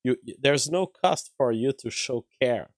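A man's voice: medium pitch, a little slow, no room sound, rough recording. A man commenting live on an interview clip, analytical and thinking aloud through his own compressed mic.

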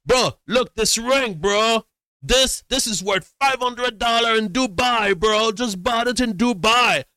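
A man's voice: very high voice, slow, sharp tone, clear, resonant tone, dry recording, studio quality, voice pushed up, heavily acted. A man voicing a pushy male roadside hustler begging for cash, wheedling and repeating "bro" constantly.

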